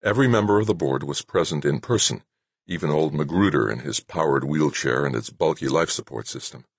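A man narrating an audiobook in an expressive storytelling manner. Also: rumbling low, a little fast, breathy edge, dry recording.

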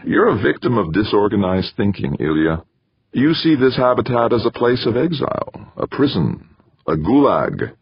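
A slick, manipulative male administrator in an audiobook, as a man puts him on over his own low register. He coaxes and lectures, and his husky voice has some gravel in it. The recording is dry and a little dull. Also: sing-song, moderate pace, no echo, full character voice. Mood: lecturing. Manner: coaxing, persuasive.

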